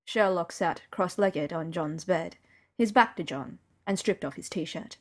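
A woman narrating an audiobook in a quiet, even, intimate manner. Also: lowish voice, unhurried.

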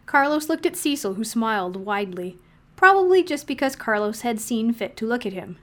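Woman reading a story, a little high. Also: lively intonation, normal speed. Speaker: narrator. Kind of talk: audiobook fan-fiction reading.

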